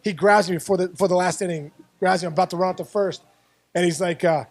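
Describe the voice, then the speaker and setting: A man's voice: high-pitched, quick pace. A man from the Pittsburgh area, a former baseball player, telling stories as a guest in an interview, full of repeats and restarts. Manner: animated storyteller, repeats words and restarts. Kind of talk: storytelling interview.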